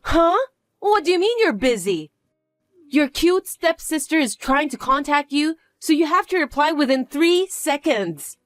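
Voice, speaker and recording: A woman's voice: high voice, animated, a little slow, fairly bright tone, dry recording, studio quality, soft background music, voice pushed up. A woman voicing a bratty, vain young stepsister who talks down to everyone in a haughty, demanding way. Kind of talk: dramatized story narration.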